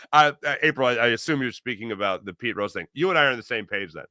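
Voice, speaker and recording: A man hosting a live sports stream, chatting casually, reading viewer comments aloud and doing quick ad reads. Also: medium pitch, pushed and bright, dry recording, studio quality. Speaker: sports show host.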